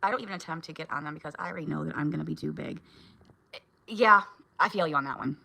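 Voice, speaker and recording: A woman's voice: low voice, quick pace, vocal fry, bright, forceful tone. A woman, a mom, chatting casually with her viewers in a vlog, reacting to their comments and laughing often. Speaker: vlogger and mom.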